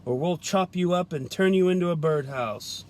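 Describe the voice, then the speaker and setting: A man's voice: a little high, normal speed, darkish tone, natural voice. A man voicing a bold, burly male woodcutter in a children's storybook, bellowing his lines. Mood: stern.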